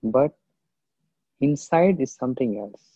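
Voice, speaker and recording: Animated and warm in tone, a spiritual teacher with a husky mid-range voice gives a slow, reflective devotional talk. He pauses often and recites verses in an Indian language, and the sound is tinny and phone-like, close and dry with no echo.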